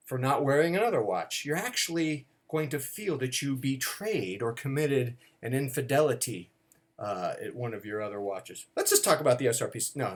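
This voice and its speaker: A middle-aged man talking to his viewers in a wry, self-mocking way, with sudden dramatic swings in pitch. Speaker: watch vlogger. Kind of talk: casual monologue to camera.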